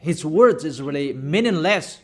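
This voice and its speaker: A male preacher with a rather high voice delivers a sermon at a slow, deliberate pace. He speaks sternly and admonishes his listeners, repeating phrases again and again for emphasis. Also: lively intonation.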